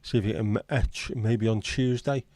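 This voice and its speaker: A man's voice: fairly low pitch, steady tone, moderate pace, mellow, no echo. A middle-aged man chatting casually on his livestream, joking and answering viewers' messages. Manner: easygoing, jokey, responds to chat messages. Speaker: livestream host.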